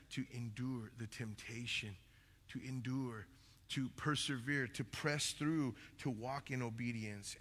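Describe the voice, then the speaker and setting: A man's voice: medium pitch, sharp tone. A man preaching a sermon as pastor, earnest and repeating his phrases, often tucking in "man". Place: church hall. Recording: long church reverb.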